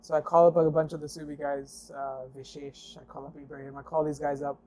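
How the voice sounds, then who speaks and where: Fairly high-pitched and fairly quick, the man is a guest sharing car stories. His casual anecdote is animated, with acted-out dialogue, constant fillers, and many "I'm like"s.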